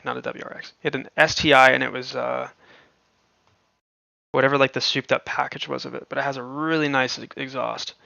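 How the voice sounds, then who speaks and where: A man's voice: medium pitch, level tone, brisk, vocal fry, sharp tone, dry recording, lo-fi sound. A man hosting a livestream, chatting casually and rambling with lots of fillers and frequent laughs. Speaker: livestream host.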